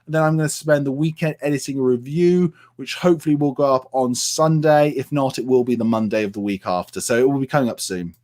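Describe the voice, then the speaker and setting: A man's voice: medium pitch, fast, few pauses, a little mellow. A man from the United Kingdom chatting casually on a live stream and answering viewers' comments with plenty of fillers.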